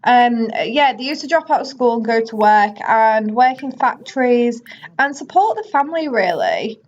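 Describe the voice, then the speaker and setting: Chatty woman gamer, higher register, casual running commentary; muffled lo-fi audio. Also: animated, moderate pace. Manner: chatty, bossing her game characters around. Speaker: gaming YouTuber. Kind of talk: casual let's play commentary.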